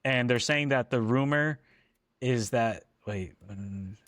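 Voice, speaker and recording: A man's voice: mid-range voice, slow, a bit bright, no echo, clean studio sound. A man co-hosting a casual football podcast, talking with frequent ums and restarts. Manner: hesitant, lots of ums and restarts. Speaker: podcast co-host.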